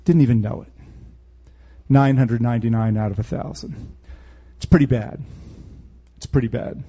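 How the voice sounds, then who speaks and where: A man's voice: medium pitch, normal speed, mellow, slightly rough. A man preaching a verse-by-verse Bible teaching sermon in a blunt, emphatic way, with sarcastic asides.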